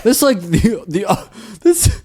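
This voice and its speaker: A man co-hosting a comedy podcast, chiming in with quick absurd asides in casual chat. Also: high voice, very animated, dark tone. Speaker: podcast co-host.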